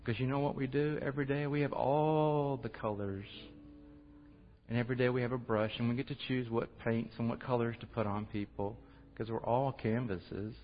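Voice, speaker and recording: A man's voice: mid-range voice, flat delivery, normal speed, soft background music. Man, middle voice, earnest conversational testimony, reverberant hall, dull lo-fi sound. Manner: earnest, conversational, laughs at himself. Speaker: church speaker sharing testimony. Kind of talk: personal testimony and prayer. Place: church hall. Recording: muffled audio with long hall reverb.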